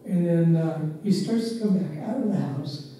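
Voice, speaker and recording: An older man, once a driver and staff member, reminiscing in unhurried, reflective anecdotes with pauses. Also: on the high side, warm tone. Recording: roomy, distant mic, faint background noise.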